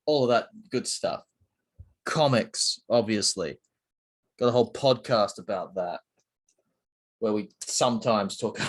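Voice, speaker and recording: A man's voice: on the low side, breathy edge. Rambling young man with a sore throat. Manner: rambling, self-mocking, many fillers and restarts. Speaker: channel host. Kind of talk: casual solo chat while building.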